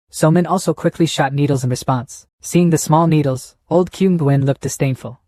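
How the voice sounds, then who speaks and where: Guy narrating a recap, steady reading, fairly high voice, dry mic. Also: moderate pace, no room sound. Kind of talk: scripted story recap narration.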